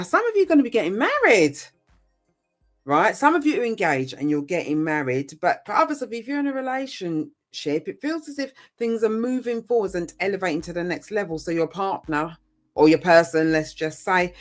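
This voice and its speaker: A woman's voice: on the low side, sing-song, brisk, faint music behind. A woman giving a casual tarot reading, chatty and rambling, with frequent ums and mild swearing. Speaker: tarot reader.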